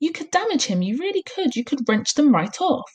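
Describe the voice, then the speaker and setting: A woman voicing a gentle, anxious young teacher who begs urgently, in a read-aloud storybook. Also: high voice, sing-song, fairly quick, voice pushed up. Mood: pleading. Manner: begging, urgent.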